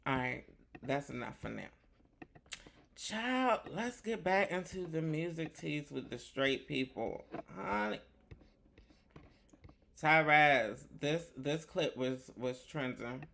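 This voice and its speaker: A man's voice: on the high side, animated, slow, gravelly, pauses often, fairly bright tone, slight background noise. A male livestream host doing chatty, flamboyant commentary, calling the chat "honey" and "child". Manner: talks to the chat.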